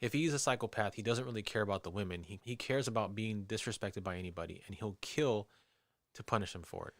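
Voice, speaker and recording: Low-voiced man reading true crime. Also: fast, no echo. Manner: reads narration steadily, laughs easily in banter. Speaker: podcast co-host. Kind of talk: reading a true-crime script, then casual chat.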